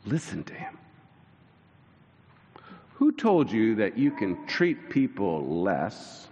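A male pastor preaching a sermon, telling the story with lively mimicry of the disciples. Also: slow pace, lo-fi sound. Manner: animated storytelling, mimicking disciples in high voices. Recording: church hall reverb.

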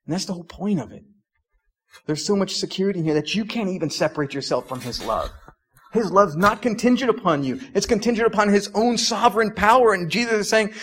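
A man's voice: high-pitched, animated, a little fast, a little hiss or hum. A young adult man preaching a sermon as pastor in a conversational way, with frequent "like"s and restarts.

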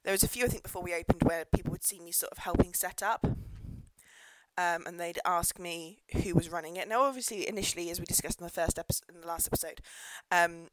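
A fast-talking pregnant woman with a fairly low voice hosts a laid-back solo podcast, where the pub landlady rants, laughs and now and then swears. She occasionally moves away from her podcast mic, whose sound is dry and close, and the audio is poor.

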